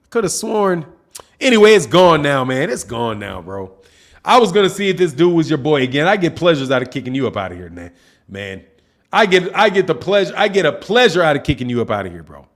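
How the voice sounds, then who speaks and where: Animated slangy man. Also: a little high, moderate pace, long pauses. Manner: slangy, repetitive, talks to chat. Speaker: boxing channel host. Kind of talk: casual livestream commentary.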